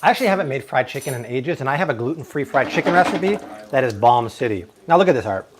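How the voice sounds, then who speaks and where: An excitable man leads a live cooking show from a home kitchen. His voice sits at an ordinary middle pitch, and his delivery is eager and exclamatory. A pan sizzles faintly behind him. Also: quick pace, noisy background. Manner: enthusiastic, exclamatory.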